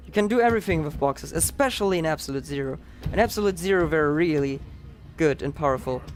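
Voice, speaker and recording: A man's voice: fairly high pitch, lively intonation, quick pace, soft background music. A man with a Dutch accent giving chatty, upbeat live commentary on his own speedrun, explaining as he plays.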